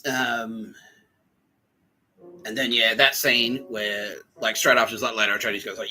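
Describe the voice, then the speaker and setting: A man's voice: lowish voice, level tone, a little slow, sharp tone, low-quality recording. A man hosting a podcast, telling a rambling comedic story full of swearing. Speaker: podcast host.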